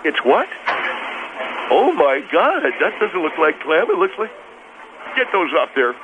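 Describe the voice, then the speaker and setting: A man's voice: a little high, very animated, measured pace. A man voicing a boastful, hot-tempered middle-aged male steakhouse owner who brags and gets defensive, heard over a phone line. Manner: bragging, defensive, blows up. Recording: tinny phone line with hiss.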